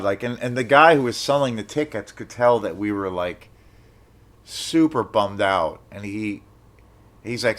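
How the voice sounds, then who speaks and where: A young man telling a rambling, animated story in a casual vlog, swearing when he gets excited. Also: medium pitch, normal speed. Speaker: film vlogger.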